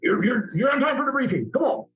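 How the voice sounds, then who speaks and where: A man voicing a gruff male Army battalion commander with a Southern accent, barking orders. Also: very high voice, expressive, quick pace, roomy sound, recorded from a distance, dull audio, voice pushed up. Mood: impatient.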